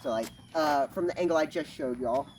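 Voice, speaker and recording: A man teaching a karate form in a casual, halting way, full of fillers and punctuating each move with "bam" as he performs it outdoors. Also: a little high, a little mellow, a little hiss or hum. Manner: talks while performing moves. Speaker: karate instructor. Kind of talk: casual demonstration lesson. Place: backyard, outdoors. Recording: distant outdoor recording with clucking chickens.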